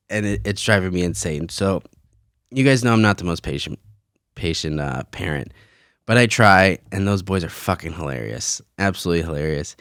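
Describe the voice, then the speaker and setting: A man's voice: deep voice, clear, resonant tone, dry recording, studio quality. A man in his thirties hosting a casual solo podcast from his basement, rambling and swearing with frequent laughs. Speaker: podcast host. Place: home basement.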